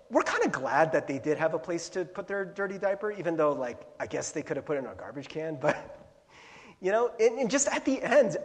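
A middle-aged male pastor preaching a casual, storytelling sermon, chatty and laughing, breaking into bursts of yelling as he retells his own anecdotes. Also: sits high. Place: church sanctuary. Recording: long hall reverb.

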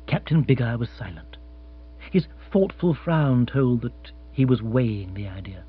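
A man's voice: medium pitch, animated, unhurried, breathy edge, dry recording. A man giving scripted comic narration of an audiobook in a dry, understated way. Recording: tinny phone-like sound with mains hum.

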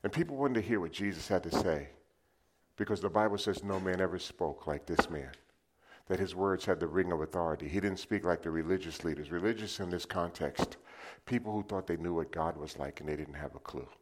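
A man preaching a sermon, telling lively stories and acting them out with sound effects. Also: low voice, brisk. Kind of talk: sermon with storytelling.

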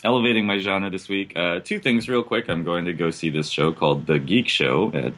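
A man's voice: low-pitched, a little fast, a bit bright. A man co-hosting a podcast, speaking dryly and hesitantly with many uhs. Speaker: podcast co-host. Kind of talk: casual podcast chat.

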